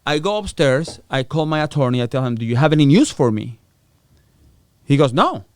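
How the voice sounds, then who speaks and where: A man's voice: mid-range voice, lively intonation, a little fast, a little mellow, smooth, no room sound, clean studio sound. A middle-aged man, a podcast guest, telling a story in a casual, profane way, acting out the voices of people he quotes. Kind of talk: storytelling interview.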